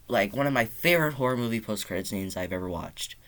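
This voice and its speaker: A young man excitedly reviewing a horror movie from his bedroom, rambling, swearing often and filling his talk with "like". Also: fairly low pitch, fast talker, hardly any pauses. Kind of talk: casual review monologue.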